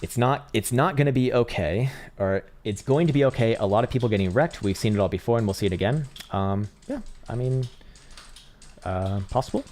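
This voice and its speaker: A man hosting a live stream, reading chat messages and commenting on trading charts in a casual, laid-back way, swearing often and breaking into loud laughs. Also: mid-range voice, fairly quick, background noise. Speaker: livestream crypto trading host.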